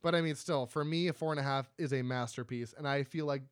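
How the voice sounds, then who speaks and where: A man co-hosting a casual film chat, excitable and swearing a lot as he talks. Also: mid-range voice, fast talker, clean tone, dry recording, studio quality. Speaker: podcast co-host.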